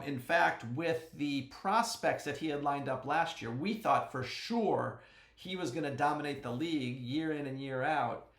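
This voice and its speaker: Joking podcast host, bright and a touch high, echoey room. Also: male voice. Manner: chatty and joking, with sudden yells. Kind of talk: casual fantasy sports recap.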